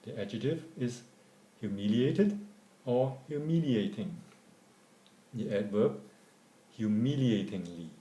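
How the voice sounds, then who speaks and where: A man reading an English grammar lesson as scripted narration, going through word forms in a measured, deliberate way. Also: medium pitch, animated, warm tone. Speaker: English teacher. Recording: echoey room.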